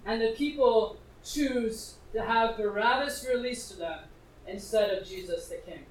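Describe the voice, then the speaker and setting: A male preacher with a notably high voice reads scripture and talks it through in a conversational way, putting questions straight to his listeners. He sits back from the mic, and the room gives his words a clear echo. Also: unhurried. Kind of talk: sermon reading and explaining scripture. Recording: echoey room, distant mic.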